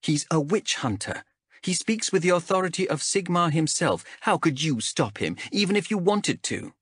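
A man's voice: a little high, animated, moderate pace, a bit bright, breathy edge, no echo, studio quality, voice pushed up. A male narrator voicing a stubborn young woman explorer who speaks earnestly and defensively in a raised voice. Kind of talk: audiobook character voice.

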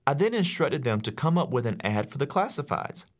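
A man who teaches, telling a story to an audience in an animated way and acting out the voices of the people in it. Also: medium pitch, brisk. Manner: animated, acts out quoted voices. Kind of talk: storytelling speech.

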